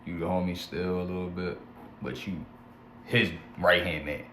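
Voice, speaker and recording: A man's voice: low voice, steady tone, moderate pace, pushed and bright. A young man telling his own story in a casual, slangy rant, acting out both sides of each exchange. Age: young adult. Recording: echoey room with faint background hum.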